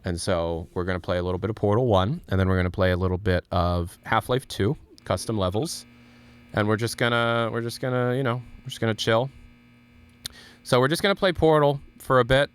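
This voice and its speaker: A man's voice: on the low side, a little fast, clean tone. A man talking casually on a live stream, rambling with many fillers and restarts.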